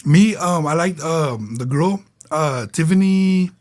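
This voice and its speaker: A man's voice: a little high, animated, takes it slowly, darkish tone. A man co-hosting a podcast in casual, slangy chat, often acting out quotes. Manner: laid-back, slangy, often acts out quotes. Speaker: podcast co-host.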